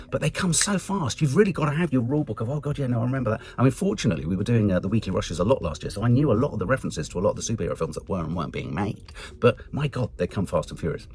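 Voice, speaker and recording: A man with an English accent giving a chatty, animated film review, swearing casually and jumping into high mock voices.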